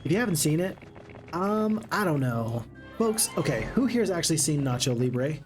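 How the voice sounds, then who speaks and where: A man streaming a strategy game, chatting excitedly to his viewers. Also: fairly high pitch, normal speed, over music. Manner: excitable, chatty, talks to chat. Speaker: gaming streamer. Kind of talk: live game commentary.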